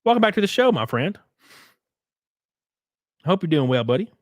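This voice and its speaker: A man's voice: fairly high pitch, sing-song, normal speed, no room sound, clean studio sound. A man streaming casually, reading viewer comments and effusively thanking them in a loose, profane way. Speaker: streamer and race car driver.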